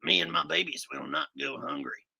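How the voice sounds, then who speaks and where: A man doing a comedic impression of a ranting, gravelly male conspiracy show host who shouts and fake-sobs. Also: a little high, huge pitch swings, fairly quick, heavily acted. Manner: bellowing, exaggerated fake crying.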